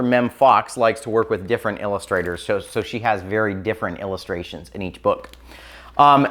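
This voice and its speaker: On camera, a man chats casually about children's picture books, sounding enthusiastic and scattering ums and likes throughout. His voice sits on the low side with a fairly bright tone.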